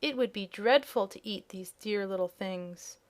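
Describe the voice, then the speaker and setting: A woman's voice: medium pitch, measured pace, lightly acted. A woman doing a sensible young girl. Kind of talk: audiobook character voice.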